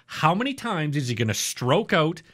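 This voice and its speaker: A man's voice: on the high side, big pitch swings, normal speed, a bit bright, breathy edge. A man co-hosting a podcast, casually reviewing a TV episode in a blunt, profane, rambling way. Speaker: podcast co-host.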